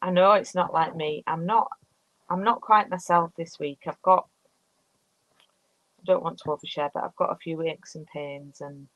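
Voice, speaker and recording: Chatty crafting woman, low and dry. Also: fairly even intonation, normal speed, a bit bright, no room sound, muffled recording. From United Kingdom. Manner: chatty, talks through each step while working; reads out viewer comments. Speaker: card-making demonstrator. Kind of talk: casual live crafting chat.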